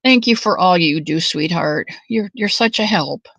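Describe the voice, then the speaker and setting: A woman's voice: on the low side, moderate pace, gravelly, fairly bright tone, no room sound, muffled recording. A woman hosting a casual crochet livestream, chatting to viewers by name and drifting off onto side stories. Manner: chatty, addresses viewers by name, wanders off-topic. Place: home craft room.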